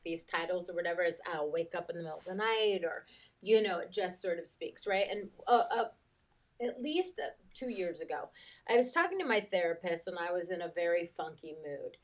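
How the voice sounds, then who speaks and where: A woman's voice: lowish voice, lively intonation, normal speed, far from the mic. Candid woman life coach, a bit off-mic. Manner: candid storyteller, acts out quotes, laughs easily. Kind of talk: casual chat.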